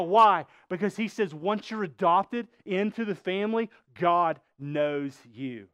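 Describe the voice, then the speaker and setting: A man's voice: sits high, slow, few pauses, fairly bright tone, clean tone, no echo, lo-fi sound. A male pastor preaching a sermon, emphatic, quizzing the congregation with rhetorical questions.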